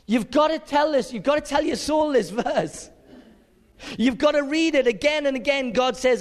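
A man's voice: extremely high pitch, expressive, moderate pace. A man preaching a sermon, reading scripture aloud with dramatic emphasis. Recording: long reverb of a large hall.

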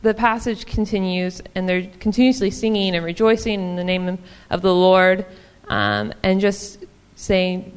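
A woman's voice: medium pitch, steady tone, unhurried, hardly any pauses, smooth, long reverb tail. A woman giving a casual, chatty sermon in a church, with frequent ums and small laughs. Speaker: church speaker.

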